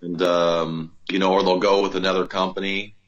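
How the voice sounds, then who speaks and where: A man who is a guest on a podcast, talking casually and haltingly about his work. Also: low-pitched, level tone, a bit bright. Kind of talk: casual interview chat. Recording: dull lo-fi sound.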